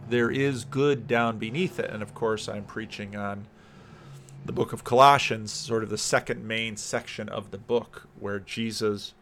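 A man's voice: on the low side, gravelly, fairly bright tone, a little hiss or hum. A man who is a Christian minister, giving reflective video commentary and thinking aloud, often repeating words and phrases.

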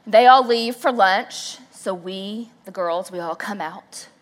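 A woman speaking at a church service, telling a playful, self-mocking story with animated, acted-out quotes. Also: medium pitch, slow pace. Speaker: church speaker, pastor's wife. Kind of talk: storytelling sermon.

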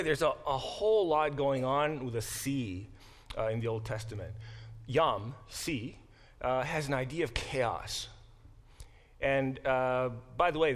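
A middle-aged man giving a classroom Bible lecture in a conversational way, explaining terms step by step. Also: mid-range voice. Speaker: Bible professor.

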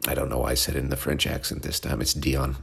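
A man's voice: extremely low pitch, flat delivery, fast talker, creaky, fairly bright tone. A man from Oklahoma hosting a music show, talking in a rambling, wry, self-correcting way as he introduces songs. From Oklahoma, USA. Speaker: radio show host. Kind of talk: casual monologue introducing songs.

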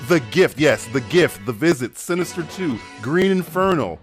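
A man in casual podcast banter, excitable and profane, often laughing. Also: a little high, normal speed, faint music behind.

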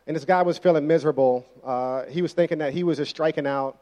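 A man's voice: a little high, quick pace, hardly any pauses, warm tone. Conversational young male preacher. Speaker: pastor. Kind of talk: sermon.

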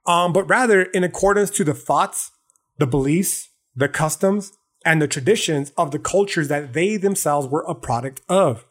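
A man's voice: on the high side, moderate pace. Man, podcast host, raised voice, swears and slangs through a casual philosophy rant. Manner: profane, slangy, animated lecturing.

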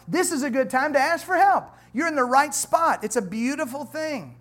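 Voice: high-pitched, normal speed, hardly any pauses. Pastor mid-sermon: conversational, joking, reads scripture with building emphasis. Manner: animated, conversational preaching with humor and asides to the congregation. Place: church.

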